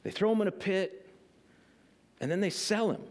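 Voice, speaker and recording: High-voiced pastor, chatty sermon. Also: male voice, moderate pace. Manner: conversational, filler-heavy, keeps asking "right?".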